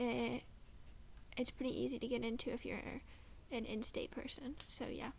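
A young woman in her late teens, from the United States, co-hosting a casual podcast chat. She rambles and often drops into quick whispered asides. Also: fairly high pitch, little pitch movement, vocal fry, husky. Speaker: podcast co-host.

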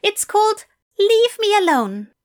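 A fussy, eager English teacher gushes in a high, bright, lilting voice, as a woman reads him aloud. His speech is prim, formal and effusive, and his pitch swoops up and down with enthusiasm. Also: big pitch swings, unhurried, heavily acted.

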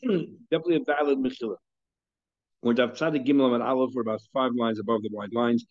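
A man's voice: mid-range voice, steady tone, fast, muffled recording. A man teaching a daily Talmud class in a conversational way, thinking aloud with frequent restarts and mixing Hebrew and Aramaic terms into his English.

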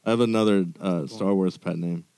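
A man's voice: deep voice, steady tone, a little fast, a little mellow, smooth. A man co-hosting a casual podcast, joking and making playful puns. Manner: playful punster. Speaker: podcast co-host.

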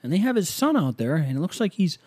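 An excited male sports announcer calls the play-by-play, as a man puts him on. The voice is raised and lifted in pitch. The delivery is punchy and loud. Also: fast talker, husky, dry recording, clean studio sound. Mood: announcing.

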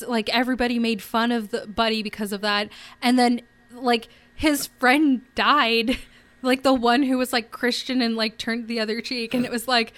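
High-voiced woman rambling with lots of likes. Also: fairly bright tone, clean tone, dry recording. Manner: rambling, fillers, says like a lot. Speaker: podcast co-host. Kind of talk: casual movie recap chat.

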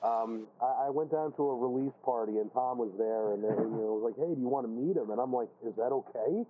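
A man's voice: medium pitch, fast. A man hosting a podcast interview, chatty, telling stories with frequent stammered restarts. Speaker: podcast host. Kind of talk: casual interview. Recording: dull lo-fi audio with faint background hiss.

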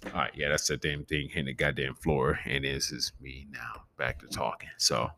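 A man with a gravelly growl in his voice, hosting a podcast in a loose, rambling and profane casual chat. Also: rumbling low, fairly even intonation, normal speed, bright, forceful tone. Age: adult with a preteen nephew. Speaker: podcast host.

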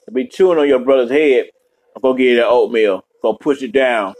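A man's voice: medium pitch, moderate pace, darkish tone. A man hosting a podcast, giving loose, profane, rambling commentary while reacting to a movie.

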